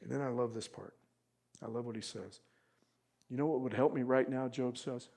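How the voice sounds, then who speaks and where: A man preaching a sermon as pastor, swinging from loud emphatic appeals to quiet asides and acting out quoted speech with feeling. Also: mid-range voice, fairly even intonation, normal speed, gravelly.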